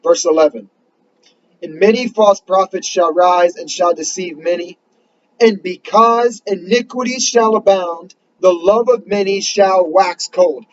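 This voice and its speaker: High-voiced man preaching urgently. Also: dull audio, slight background noise. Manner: earnest, urgent, rising to emphatic questions; reads scripture slowly in King James wording. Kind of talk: sermon.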